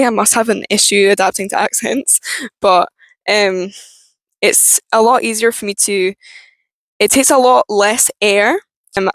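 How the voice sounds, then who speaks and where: A young woman with a Scottish accent, talking frankly and haltingly in a personal vlog. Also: mid-range voice, dry recording, rough recording. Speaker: vlogger.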